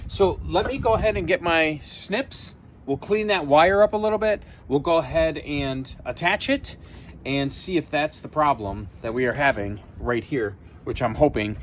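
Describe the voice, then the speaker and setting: A man's voice: on the high side, moderate pace, slight background noise. A man chatting casually as he fixes an RV outdoors, rambling and often correcting himself. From United States. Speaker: RV repair vlogger. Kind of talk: casual how-to vlog.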